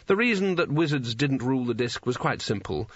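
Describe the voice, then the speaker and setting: Husky-voiced male audiobook narrator. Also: medium pitch, animated, brisk, dry recording. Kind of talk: scripted fantasy narration. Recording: dry, dull muffled recording.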